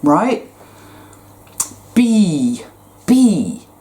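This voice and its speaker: Low, dark-toned woman, blunt and profane, ranting emphatically about spirituality. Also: very animated, very slow. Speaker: spiritual vlogger.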